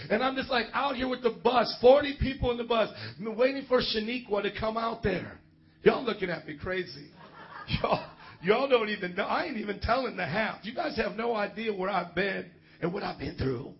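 A male pastor telling funny stories in a sermon, animated and often laughing as he goes. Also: very high-pitched, moderate pace, muffled recording. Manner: animated, joking, often laughs mid-story. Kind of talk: sermon storytelling.

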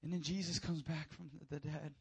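A man preaching a sermon, telling stories with animated energy and stammered repeats. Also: fairly high pitch, normal speed, gravelly, slightly rough.

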